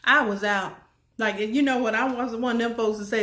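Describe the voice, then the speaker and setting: A woman's voice: fairly high pitch, steady tone, moderate pace, fairly bright tone. Woman doing a motivational talk, repeats herself, asks the crowd stuff, bit of an echoey room. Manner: emphatic and repetitive, folksy, asks the audience questions. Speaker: motivational speaker. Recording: roomy echo.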